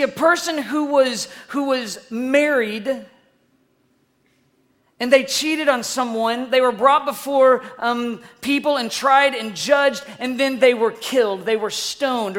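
A preacher telling a story in an energetic sermon, swinging between loud bursts and hushed asides and asking the listeners questions. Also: mid-range voice.

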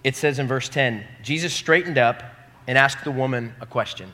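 Young male preacher, bright and forceful, emphatic sermon delivery with crowd call-and-response, long hall reverb. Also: medium pitch, normal speed. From American Midwest. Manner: emphatic, rising to loud peaks, calls the audience to repeat lines. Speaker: pastor. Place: large hall before a live congregation.

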